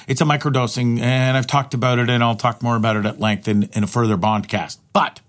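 A man's voice: medium pitch, flat delivery, fairly quick. A man hosting his own podcast in a rambling, profane solo monologue, often restarting his sentences. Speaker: podcast host.

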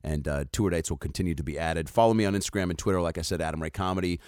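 A male comedian in his thirties riffs loosely to camera, swearing freely. His voice sits on the low side. The sound is dry and close. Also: very fast, darkish tone, clean tone, no room sound. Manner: rambling, profane, loose and jokey. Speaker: comedian and host. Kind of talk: casual comedy monologue to camera.

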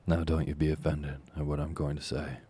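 A man's voice: rumbling low, level tone, a little fast, mellow, breathy edge. A man voicing a fawning, scheming woman who runs an orphans' home, gushing and falsely humble. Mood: coaxing. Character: fawning scheming older woman, a workhouse nurse.

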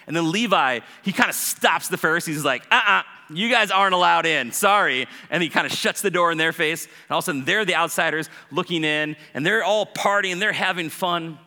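A man preaching a sermon, telling the story in an animated way and acting out the characters. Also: fairly high pitch, in a large hall. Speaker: pastor.

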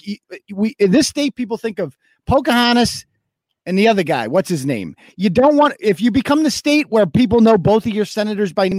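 A high-voiced man hosts a casual talk show in a joking, mocking manner. His voice is close and dry, with no room sound. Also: darkish tone, no echo.

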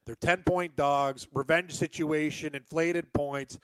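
A chatty, agreeable man co-hosts a sports radio show and teases the others. His voice sits fairly high. The sound is dry and close. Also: steady tone, slow, a bit bright, clear, resonant tone, dry recording. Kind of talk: casual sports radio chat.

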